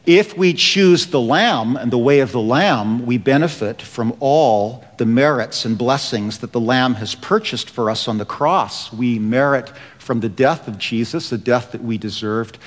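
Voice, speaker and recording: A man preaching a sermon. He slows down and drops his voice low for emphasis. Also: big-room sound. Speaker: pastor.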